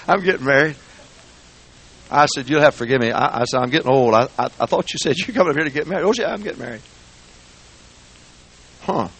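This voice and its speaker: A man preaching a folksy, joking sermon in a church, swinging between quiet asides and shouting. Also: a little high, very animated, fast talker, creaky, pauses often, breathy edge. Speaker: guest preacher. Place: church sanctuary.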